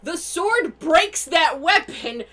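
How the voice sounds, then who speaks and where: A woman chats on a stream about a tabletop game session, excitable and quick to laugh, cursing freely as she goes. Her voice sits high and bright, swinging widely in pitch. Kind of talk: casual stream chat.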